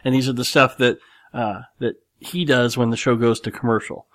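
A man's voice: medium pitch, fairly even intonation, moderate pace, a bit bright, no room sound. A man hosting his own show, retelling a story in a loose, rambling way with many restarts and asides. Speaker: podcast host. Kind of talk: casual solo storytelling.

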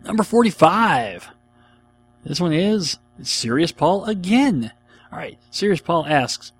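A man's voice: fairly high pitch, sing-song, slow pace, a little hiss or hum. A man hosting a podcast, answering listener questions in an enthusiastic, rambling casual chat. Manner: enthusiastic, rambling, laughs often.

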